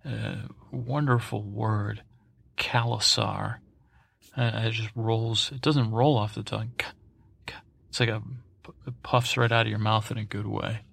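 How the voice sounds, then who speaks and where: A man's voice: on the low side, steady tone, moderate pace, vocal fry, fairly bright tone. A man hosting a sleep podcast, recapping in a meandering, digressive way full of fillers and restarts. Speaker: podcast host.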